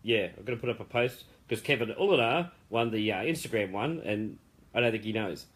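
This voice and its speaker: A man, founder of an online group, giving a casual live-stream update in a chatty, rambling way, warmly praising members. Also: on the low side, animated, a little fast.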